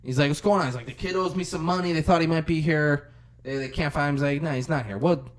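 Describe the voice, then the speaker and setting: A man's voice: on the high side, steady tone, quick pace. A man co-hosting a podcast, retelling a film's scenes in casual chat and acting out the characters' lines with lots of swearing. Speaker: podcast co-host. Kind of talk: casual movie recap chat.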